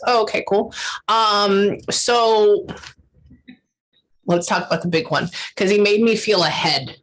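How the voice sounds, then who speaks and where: A woman's voice: mid-range voice, a little slow, a bit bright. A woman working as a psychic medium in a casual reading, emotional and swearing freely, often stopping to say hold on. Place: lives in Texas.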